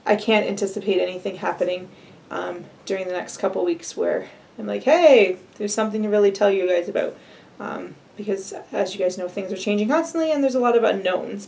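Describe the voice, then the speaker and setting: Young woman, casual vlogger, rambling, slightly gravelly tone. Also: medium pitch, darkish tone. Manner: rambling and chatty, laughing now and then. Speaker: adoption vlogger. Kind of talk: casual solo vlog update.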